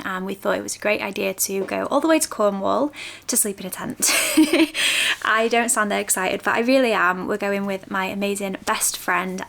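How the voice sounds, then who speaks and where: A woman's voice: medium pitch, gravelly. A woman vlogger chatting casually to the camera, laughing often as she talks.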